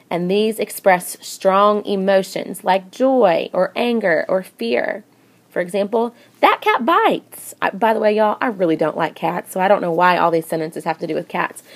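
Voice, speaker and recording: A young woman teacher giving a recorded grammar lesson in a chatty way, reading example sentences in lively voices. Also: medium pitch.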